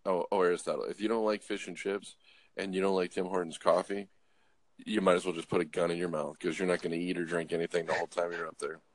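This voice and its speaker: A man's voice: sits low, level tone, quick pace, dry recording. A man who drives trucks, telling jokey, rambling stories in a casual chat. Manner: rambling, jokey, lots of uh and restarts. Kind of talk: casual joking storytelling.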